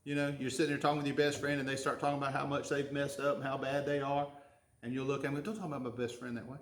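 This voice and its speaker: A man's voice: medium pitch, completely flat delivery, fast talker, roomy sound. A man, preaching a sermon in a folksy, conversational way, full of questions to the congregation. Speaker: pastor.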